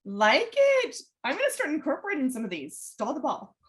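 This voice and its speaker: A woman's voice: high voice, huge pitch swings, normal speed. A woman co-hosting a podcast, chatting enthusiastically and guessing along with her partner. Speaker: podcast co-host. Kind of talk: casual chat.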